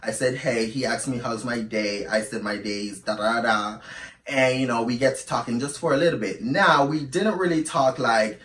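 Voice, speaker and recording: In a casual storytime video, a man with a medium-pitched voice chats expressively at a moderate pace, calling his viewers "girl." He's recorded from a distance, and the room gives his voice a noticeable echo.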